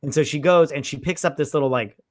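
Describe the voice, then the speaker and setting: A man's voice: on the high side, quick pace, dry recording, clean studio sound. A man co-hosting a casual movie review chat, rambling and crude as he retells the plot. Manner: rambling, crude, keeps slipping into acted-out quotes. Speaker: co-host of a movie review show.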